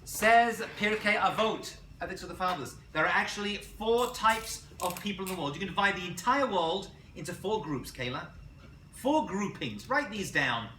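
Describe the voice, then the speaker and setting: A man teaching a college class as a rabbi, lively and quizzing his students, correcting himself as he goes. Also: high voice, normal speed, a little hiss or hum. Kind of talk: classroom lecture. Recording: roomy classroom picked up from a distance.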